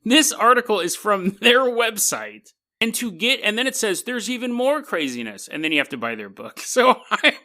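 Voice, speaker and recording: A man's voice: high-pitched, bright, forceful tone. A man hosting a podcast, telling a story in a casual monologue with wry, skeptical asides and frequent laughter. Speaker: podcast host.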